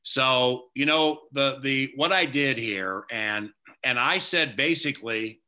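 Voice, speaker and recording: A man's voice: medium pitch, takes it slowly, pushed and bright. A man who works as a radio play-by-play announcer, frankly owning up to a mistake as an interview guest. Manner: candid, self-critical storytelling.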